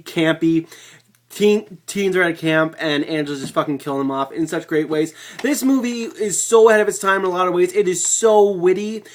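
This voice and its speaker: A man giving a casual movie review vlog to a webcam, excitable and rambling, swearing freely. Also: sits high.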